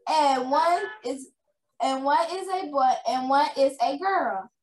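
Stubborn little schoolgirl read by a woman, high voice, roomy room, plain insistent read-aloud delivery. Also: slow pace. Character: girl classmate insisting on the party.

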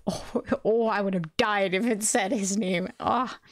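A woman streaming a live reading of a web novel, breaking off to react with excited exclamations and swearing. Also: mid-range voice, unhurried, no echo, studio quality.

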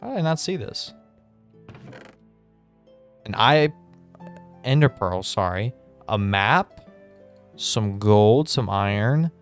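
A man giving excitable, chatty gameplay commentary and talking straight to his viewers. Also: fairly low pitch, takes it slowly, pauses often, faint music behind. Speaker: gaming video host.

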